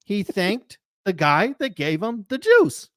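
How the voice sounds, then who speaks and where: A man's voice: sits high, wildly swooping pitch, slow pace, fairly bright tone, dry recording, clean studio sound. A man hosting a live sports card talk show, chatting in an emphatic, rambling way that piles up comparisons. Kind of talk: casual opinionated chat.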